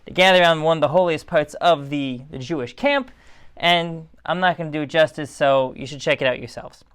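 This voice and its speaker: Rambling, tired rabbi, smooth clear voice. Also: male voice, on the high side, brisk, fairly bright tone. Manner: rambling, digressive, conversational. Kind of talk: casual Torah talk.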